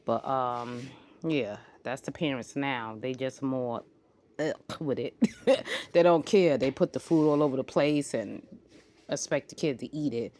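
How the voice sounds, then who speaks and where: A woman's voice: a bass voice, measured pace, slight background noise. A woman in her forties vlogging in a casual monologue, rambling and jumping from topic to topic. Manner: rambling, jumps between topics; animated, slides into acted-out quotes.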